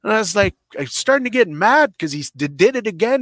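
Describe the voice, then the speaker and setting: This is a man telling a comic story. He talks in a blunt, rambling, profane way and jumps into loud impressions, so his pitch swings a great deal. The voice sounds dry and close to the mic. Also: big pitch swings, brisk, hardly any pauses, no room sound. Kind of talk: improvised comedic storytelling.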